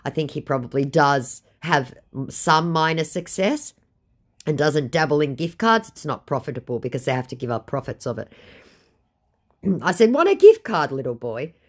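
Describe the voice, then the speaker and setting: A woman telling the story of baiting a scammer, with sardonic, deadpan asides. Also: sits low, moderate pace. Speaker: scam baiter recounting a chat. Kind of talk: storytelling vlog narration.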